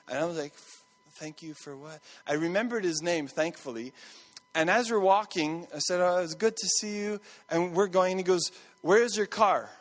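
A male pastor in his thirties preaches in a relaxed, storytelling way and circles back to repeat his key points. His voice sits a little higher than most men's. The sound carries a long reverb, like a big church hall. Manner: conversational storytelling with repeated phrases. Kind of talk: sermon.

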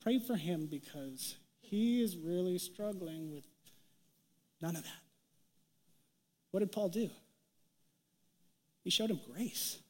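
Man, pastor, young adult, casual joking sermon, acts out quoted voices, high-pitched, long hall reverb. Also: lively intonation, slow, pauses often, darkish tone.

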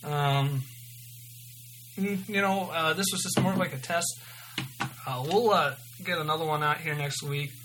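A man's voice: a little high, a little slow, long pauses, background noise. A man hosting a podcast, reading his own story aloud and signing off loosely with lots of ums. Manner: loose and informal, many ums. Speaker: podcast host.

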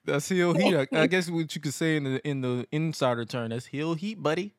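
A man co-hosting a podcast, recapping wrestling in casual, animated chat and acting out quotes. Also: fairly high pitch, brisk, no room sound, studio quality. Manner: animated storytelling, acts out quotes, swears freely. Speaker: podcast co-host.

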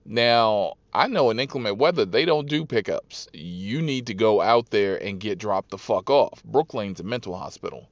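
A man who drives for a rideshare service, telling profane, animated stories about his riders and acting out their voices. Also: fairly low pitch, moderate pace, hardly any pauses, no echo. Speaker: rideshare driver and podcast host. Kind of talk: casual storytelling monologue. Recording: dull, dry lo-fi recording.

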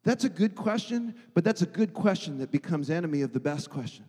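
Male pastor, higher voice, emphatic sermon delivery, reverberant hall. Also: lively intonation, a little fast, slightly rough. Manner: emphatic, swings from loud to hushed.

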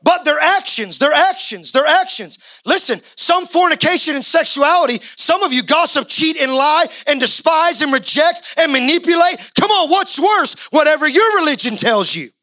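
A male pastor delivering an impassioned sermon, swinging from quiet talk to shouting. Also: very high-pitched, lively intonation, moderate pace, few pauses, dry recording, poor audio.

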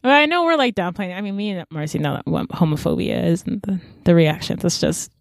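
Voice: medium pitch, a little fast, vocal fry, no room sound, clean studio sound. A podcast co-host from Africa, chiming in on a book discussion with wry commentary and side notes. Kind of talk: casual book-discussion chat.

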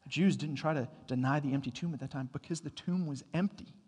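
A man delivers a sermon in a church hall, his voice a touch higher than most men's. He tells stories with rising energy, then slows to quiet, deliberate emphasis. A long reverb trails every word. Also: breathy edge. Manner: storytelling, builds to loud excited bursts then drops quiet. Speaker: pastor.

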